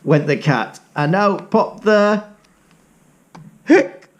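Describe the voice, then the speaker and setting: A man reading a children's picture book aloud, very slow and deliberate, his pitch swooping up and down for effect. He pauses to ask the little ones questions and get them making sounds. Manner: animated, asks children to join in. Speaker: teacher.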